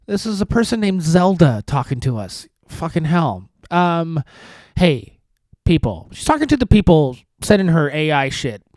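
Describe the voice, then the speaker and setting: Rambling, sardonic man with a lively voice. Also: a little high, normal speed, no room sound. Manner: rambling, profane, sardonic, with many restarts. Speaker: podcast host. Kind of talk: solo comedic monologue. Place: studio apartment.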